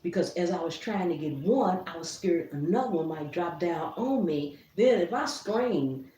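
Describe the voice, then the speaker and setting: Middle-aged woman, lively swinging pitch, laughs a lot, casual storytelling, roomy and a little distant. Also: moderate pace, slight background noise. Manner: laughs often, animated storyteller. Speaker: gardening vlogger.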